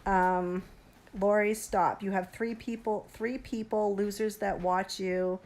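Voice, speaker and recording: A woman's voice: medium pitch, fairly even intonation, takes it slowly, darkish tone. A woman in her forties, tipsy, hosting a livestream and rambling and pleading straight to her viewers. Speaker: livestream host.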